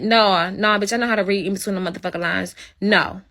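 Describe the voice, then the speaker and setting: A woman's voice: medium pitch, steady tone, quick pace, bright, forceful tone. A woman hosting her own livestream and ranting at her viewers, blunt and heavy with swearing. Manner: blunt, profane, confrontational. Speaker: livestream host. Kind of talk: angry livestream rant.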